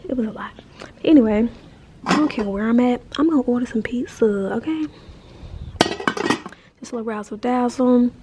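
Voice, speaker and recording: Emotional mellow-voiced woman vlogging at 30. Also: a little high, a little hiss or hum. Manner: emotional, gushing, chatty with many fillers. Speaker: travel vlogger. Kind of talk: casual vlog talk to camera.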